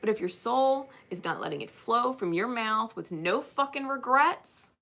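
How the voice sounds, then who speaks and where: Bright, blunt, profane woman. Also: a little high, expressive, normal speed. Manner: blunt and profane, swings from loud to hushed. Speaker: spiritual channel host. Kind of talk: spiritual advice monologue.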